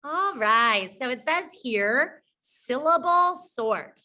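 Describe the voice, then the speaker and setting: A young woman teaching preschoolers, speaking slowly and clearly, praising them often and singing simple songs. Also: high-pitched, lively intonation, sharp tone.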